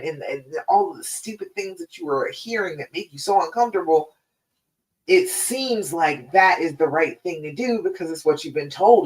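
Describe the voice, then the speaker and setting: A woman hosts a live stream as a relationship coach, speaking in an easygoing, chatty way. She keeps checking in with her listeners with a quick "all right?" Her voice sits a little back from the microphone. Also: lowish voice, recorded from a distance, low-quality recording.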